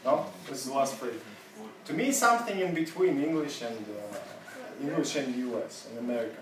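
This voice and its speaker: A man teaching an English seminar in a chatty, laughing, halting way. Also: mid-range voice, expressive, noisy background. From Russia. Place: classroom. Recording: roomy classroom, mic far off.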